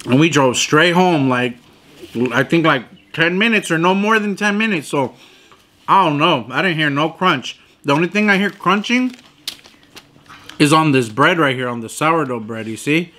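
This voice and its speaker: Bright, animated young man reviewing sandwiches. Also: a little high, moderate pace. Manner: profane, animated, incredulous complaining. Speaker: food reviewer. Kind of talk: casual food review vlog.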